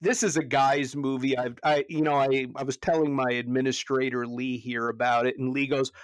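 A pastor chatting casually on a podcast about a movie, animated, often restarting and repeating words as he goes. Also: normal speed, few pauses, clean tone, dry recording. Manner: animated, jumps high when retelling scenes.

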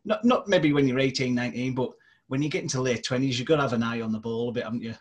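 A man's voice: mid-range voice, very fast. A man interviewing his guest with chatty, leading questions.

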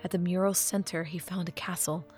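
A woman reading a fan fiction audiobook, with expressive narration that drops to a hush at dramatic moments. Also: on the low side, fairly quick, soft background music.

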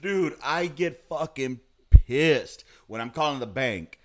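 A man's voice: medium pitch, expressive, slow pace, a little mellow. Chill guy, middle voice, cracks up a lot, swears casually. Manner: laid-back, laughs often, profane. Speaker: podcast co-host. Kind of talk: casual profane chat.

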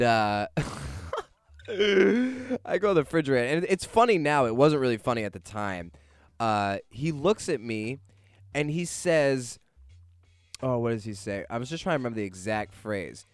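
A young man recounts a personal story in a loose, casual way, animated and quick to swear. His voice is smooth and clear, sitting at an ordinary middle pitch. It is recorded close and dry, with no room sound. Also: dry recording. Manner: animated, swears freely, laughs through the story.

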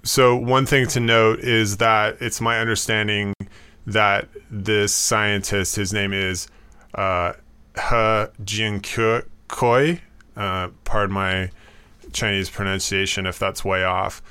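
A man giving explanatory commentary, talking in a thoughtful, halting way with frequent fillers and restarts. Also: on the low side, little pitch movement, sharp tone, smooth.

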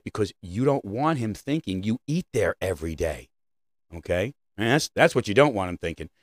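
This podcast host speaks in a mid-range voice, recorded with no room sound. His casual rant is animated, peppered with repeated "right?" check-ins and the odd swear word.

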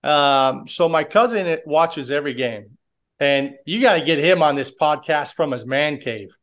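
A man's voice: on the high side, animated, measured pace, fairly bright tone. A man who is a baseball assistant coach, talking casually as a podcast guest and telling stories with many restarts. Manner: rambling with restarts and storytelling.

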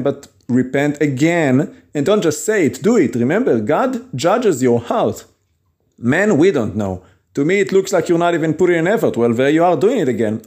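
Emphatic man preaching with a mellow voice. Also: fairly high pitch. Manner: earnest, emphatic, with quick chuckles and acted quotes. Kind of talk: podcast sermon.

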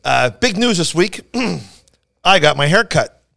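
A man's voice: on the high side, very animated, slow, vocal fry, sharp tone. A man with a Philadelphia accent hosting a podcast, telling rambling comedic anecdotes with stammering restarts. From Philadelphia area. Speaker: podcast host. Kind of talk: casual comedic chat.

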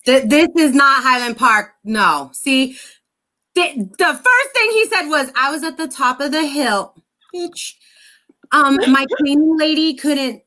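Woman from the Los Angeles area, bright tone, slangy casual talker. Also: lively intonation, a little slow. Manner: slangy, drops low and mutters asides, reacts with gasps. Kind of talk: casual chat.

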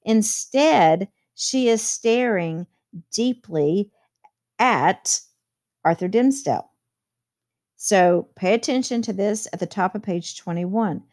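Woman teacher, steady middle pitch, reads quotes then explains them. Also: slow. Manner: reads quotes aloud with plain commentary. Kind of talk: explaining a novel chapter to students.

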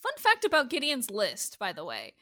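A woman's voice: on the high side, wildly swooping pitch, normal speed, a bit bright. A woman co-hosting a casual podcast chat about a TV show, talking emphatically and swearing heavily. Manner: emphatic, heavy swearing, gets worked up. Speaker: podcast co-host.

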